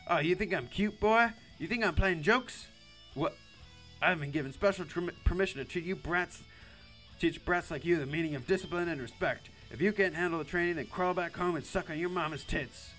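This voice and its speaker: A man's voice: a little high, fairly quick, a bit bright, soft background music, lightly acted. A man voicing a foul-mouthed adult male drill-sergeant teacher who barks insults and orders in a visual novel. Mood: menacing. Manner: barking orders, insulting, commanding.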